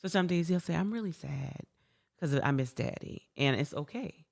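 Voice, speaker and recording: A woman in a casual interview chat, warm, laughing often and repeating words as she talks. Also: deep voice, lively intonation, normal speed, creaky. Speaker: guest.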